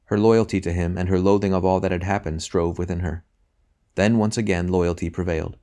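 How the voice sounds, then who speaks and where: A man narrating a novel as an audiobook in a measured, even reading. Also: low-pitched. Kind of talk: scripted narration.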